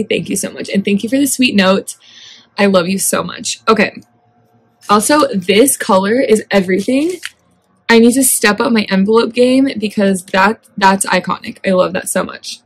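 A young woman with a Southern US accent, talking in a casual home vlog. She gushes and gets excitable, with lots of fillers. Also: medium pitch, breathy edge. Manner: gushing and excitable, fast filler-heavy talk. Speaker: vlogger. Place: home indoors. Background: lawn equipment outside.

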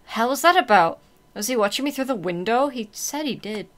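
A woman playing a horror game and commenting out loud, reading the text, swearing and reacting to scares. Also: on the high side, lively intonation, a little fast. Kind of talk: let's-play commentary.

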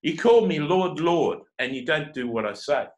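A man preaching a confrontational sermon, his fairly high voice swinging widely in pitch. He scolds the listener with run after run of rhetorical questions and often restarts his sentences on a repeated word. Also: animated, normal speed, low-quality recording. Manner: repeats words when starting sentences. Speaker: self-described prophet and teacher.

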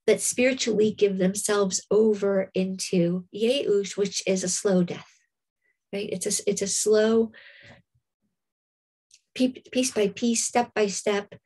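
A woman giving a reflective spiritual Torah class, often pausing with "um" and checking in with "right?". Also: mid-range voice, steady tone, darkish tone, slightly rough. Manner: reflective, with many fillers and repeated "right?". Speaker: Torah teacher.

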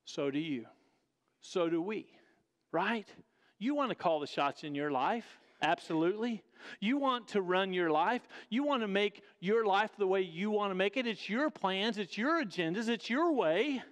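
High-pitched guy preaching a sermon, pushy questions to the crowd, big echoey church sound. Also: expressive, normal speed. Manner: emphatic, asks the congregation direct questions; calls the listeners "folks". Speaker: pastor. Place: church sanctuary. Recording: long reverb of a church hall.

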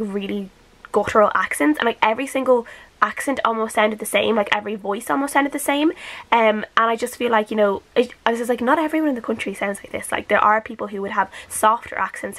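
A woman's voice: on the high side, fairly bright tone. A woman giving a casual weekly book wrap-up, chatting in a rambling way with many filler words. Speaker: book reviewer.

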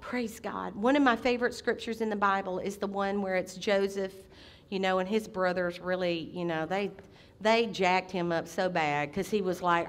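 A middle-aged woman preaching a sermon as senior pastor, impassioned, with sudden loud outbursts. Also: medium pitch, fairly even intonation, normal speed.

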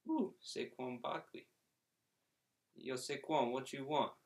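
A man's voice: mid-range voice, slow, creaky, darkish tone, voice pushed up. A man voicing a brash, rich male football fan with a put-on New York accent, boasting and brushing people off during a comedy phone-call skit. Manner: boastful, dismissive, rambling with fillers.

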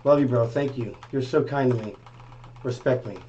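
A man's voice: medium pitch, moderate pace, dark tone, dull audio, slight background noise. A man livestreaming, trading brash, profane taunts and repeating his jabs. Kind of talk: heated livestream argument.

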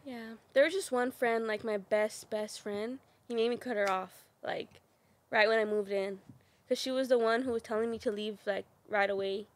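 A woman's voice: fairly high pitch, steady tone, moderate pace. A young woman guest on a podcast, candidly telling personal stories in casual chat and filling her talk with "like". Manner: candid storytelling, heavy filler "like".

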